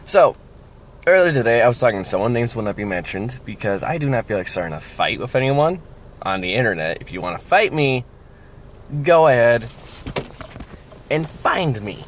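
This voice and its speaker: A man's voice: medium pitch, very animated, normal speed, long pauses, slight background noise. A young man from the United States ranting casually in a vlog, rambling and sardonic, often trailing off. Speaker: vlogger.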